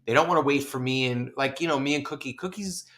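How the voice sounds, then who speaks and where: Male podcast co-host, animated, mid-pitched, casual storyteller. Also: quick pace. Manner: animated, acts out his own shouting and laughs through stories.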